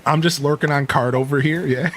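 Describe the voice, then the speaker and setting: A man's voice: on the high side, steady tone, brisk, fairly bright tone, slight background noise. A man hosting a live stream, giving an earnest, preachy rant to his viewers with casual slang. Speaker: Twitch streamer and host.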